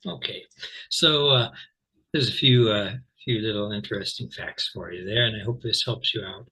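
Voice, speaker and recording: A man teaching English pronunciation in a casual, chatty way, repeating example words slowly. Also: on the low side, pushed and bright, husky, poor audio. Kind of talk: casual explanatory lesson.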